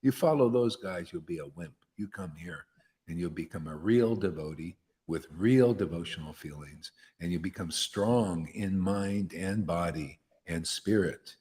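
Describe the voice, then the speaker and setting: A warm, low-sitting male voice, a little slow, delivers an impassioned devotional sermon. He's a spiritual teacher leading satsang, blunt and fiery, dropping slang like "man," with long hall reverb on the recording.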